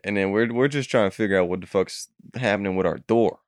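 A young man with a lowish voice talks fast, telling a long story about a dream in casual chat. He swears freely and acts out what people said in an animated way. The studio-quality recording has no echo.

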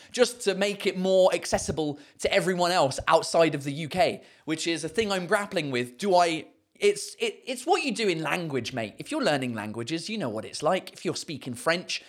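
A man with an English accent hosting a casual live stream, rambling excitedly, swearing freely and laughing often. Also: on the high side, normal speed. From England. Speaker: livestream host reading chat.

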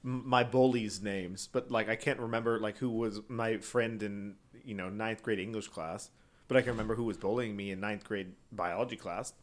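A young man co-hosting a podcast, chatting loudly on a headset mic and laughing often as he rambles. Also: on the low side, fairly even intonation, normal speed. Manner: giggly, rambling, loud. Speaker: podcast co-host. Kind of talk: casual chat.

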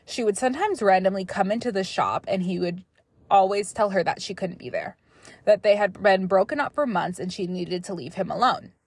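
A young woman hosting a podcast, reading listener stories aloud and breaking off into chatty, animated asides. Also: mid-range voice, fairly quick, slightly rough, no echo. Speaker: podcast host.

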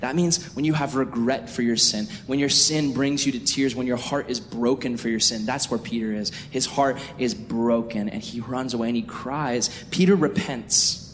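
A man preaching a sermon in an emphatic way, swinging from hushed to raised, in a church hall. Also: mid-range voice, fairly even intonation, moderate pace, few pauses. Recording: reverberant hall with faint noise.

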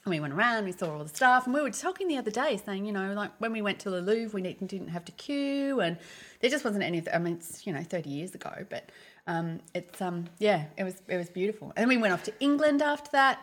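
A woman in her fifties telling lively personal anecdotes in casual chat, often breaking into laughter. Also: medium pitch.

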